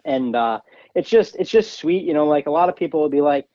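A young man, a guest on a podcast, telling a story in a casual, animated way and putting on a higher voice when he quotes other people. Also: fairly quick, dry recording, muffled recording. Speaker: guest, ATV racer.

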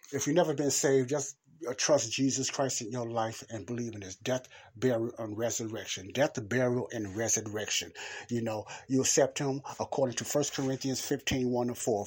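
A man's voice: mid-range voice, slightly rough. A man hosting a Christian talk show, preaching in a casual, repetitive way and often asking "okay?" and "you know.". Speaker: Christian podcast host and preacher.

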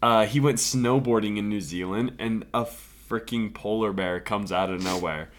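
A man co-hosting a casual comedy podcast, cutting in with quick jokes and questions. His voice sits a little low, and a faint hiss runs under the recording.

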